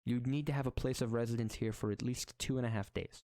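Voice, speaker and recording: A man's voice: medium pitch, fairly even intonation, fast talker, mellow, dry recording, clean studio sound, close to an everyday voice. A man voicing a chatty male shopkeeper in a tabletop game, with rambling bureaucratic patter. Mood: officious.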